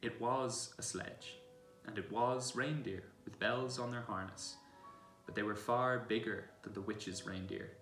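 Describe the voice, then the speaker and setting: A man reads a children's story aloud in a gentle storytelling manner, his voice lower-pitched yet bright and crisp. The church around him adds a long roomy echo, the mic sits well away from him, and soft instrument music drifts behind. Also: fairly even intonation, a little slow. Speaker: reader. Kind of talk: reading a children's novel aloud. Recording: echoey church room, distant mic.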